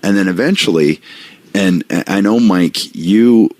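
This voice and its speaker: A man's voice: low-pitched, a little slow, darkish tone, no room sound. A man co-hosting a podcast, reminiscing in a rambling, casual way with frequent restarts. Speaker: podcast co-host. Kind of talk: casual chat.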